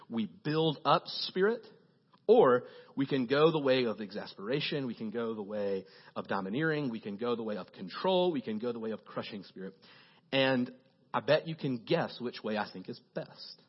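A man preaching a casual, joking sermon as a youth pastor, telling animated stories to his congregation. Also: medium pitch, slightly rough, lo-fi sound.

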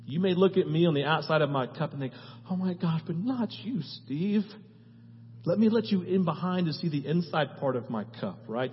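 A man's voice: a little high, a little hiss or hum. Preaching man in an echoing church hall. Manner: swings from loud urgent preaching to hushed prayer. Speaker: pastor. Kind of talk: sermon and prayer. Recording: muffled sound in a reverberant hall with faint music.

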